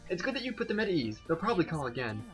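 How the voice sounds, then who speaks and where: A composed woman in charge hands out orders in a flat, steady, businesslike tone, as a man reads her lines in his own voice. Her delivery is even and unhurried, with little color. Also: a little high, soft background music. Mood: matter-of-fact. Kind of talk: reading game dialogue aloud.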